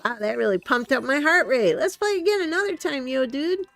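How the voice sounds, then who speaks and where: Woman voicing a gravelly jock animal dude. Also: sits high, lively intonation, brisk, a bit bright, pitched above the performer's own voice, heavily acted. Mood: excited. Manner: hearty, sporty, says "yo, dude". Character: pumped-up male jock animal villager, upbeat gym buff. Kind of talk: reading game dialogue aloud.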